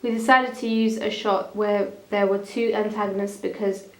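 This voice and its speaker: A woman's voice: mid-range voice, steady tone, normal speed. Girl reading her school evaluation, trips over words, echoey room. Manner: stumbling, restarting lines. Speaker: student presenter.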